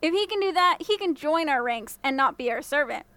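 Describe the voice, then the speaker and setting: A woman's voice: high-pitched, animated, fairly quick, sharp tone, no room sound. A woman voicing a gang of scoffing male thieves in a fairy tale reading. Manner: scoffing, gruff.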